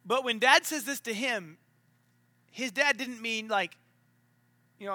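A man preaching a sermon in a relaxed, conversational way, full of asides and filler words. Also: very high-pitched, measured pace, pauses often, dry recording. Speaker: pastor. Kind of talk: casual sermon storytelling.

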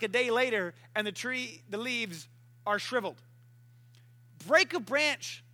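A young man preaching a sermon, animated and playful, acting out voices and barking to make his point. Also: very high-pitched.

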